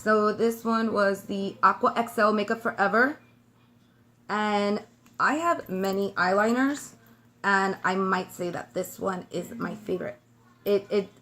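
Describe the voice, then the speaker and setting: A woman's voice: medium pitch, fairly bright tone. Brooklyn gal chatting through her makeup routine, new york accent w/ a little southern twang, kinda rambly, faint background hiss. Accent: New York with a slight Southern twang. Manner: chatty, talks while applying makeup, drifts off topic. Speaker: beauty vlogger. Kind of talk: casual makeup tutorial chat. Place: home.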